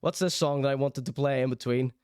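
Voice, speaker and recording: A man's voice: medium pitch, fairly even intonation, brisk, darkish tone, clear, resonant tone, no echo, clean studio sound. A young man with a Northern Irish accent, hosting a live stream, reading out chat and commenting in a wry, sardonic, mock-indignant way. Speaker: streamer and show host.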